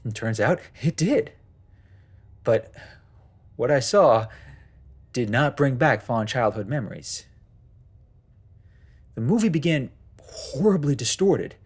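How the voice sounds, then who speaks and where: A man with a husky voice tells a first-person horror story. His delivery is tense and dramatic, and his pitch rises and falls in a lively way. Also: slow pace, long pauses. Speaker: narrator.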